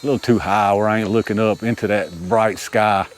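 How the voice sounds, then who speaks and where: A man's voice: on the low side, fairly even intonation, fairly quick, a little hiss or hum. A man gives casual running commentary outdoors while flying a model helicopter, talking to viewers and laughing at his own panicky moments. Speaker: RC hobby video host. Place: outdoors, small open area.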